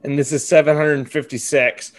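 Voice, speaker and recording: Young male co-host, higher-pitched voice, profane riffing comic, breaks into yelping mock rants. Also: flat delivery, normal speed. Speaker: podcast co-host. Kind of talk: casual comedic chat.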